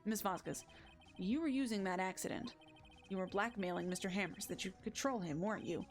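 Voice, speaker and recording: An earnest young male defense lawyer presses his questions plainly and steadily, read by a woman close to her normal voice. The pitch sits in the middle. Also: a little fast, faint music behind, lightly acted.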